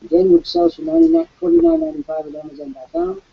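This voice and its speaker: A man hosting a promotional webcast as an author, pitching an offer in a grand, salesman-like way. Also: steady tone, rapid-fire, vocal fry. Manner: grandiloquent, salesman-like delivery with sweeping pitch swings. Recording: dull lo-fi webcast audio.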